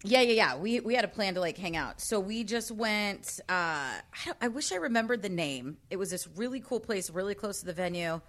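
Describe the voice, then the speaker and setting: A woman in her late thirties telling a long rambling story in casual chat, often trailing off softly. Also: mid-range voice, lively intonation, brisk, few pauses. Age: 30s. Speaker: co-host.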